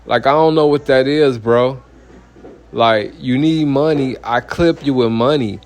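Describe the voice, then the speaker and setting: A man's voice: mid-range voice, unhurried. A man, a minister giving a heated, blunt personal testimony full of profanity and repeated "you know what I mean".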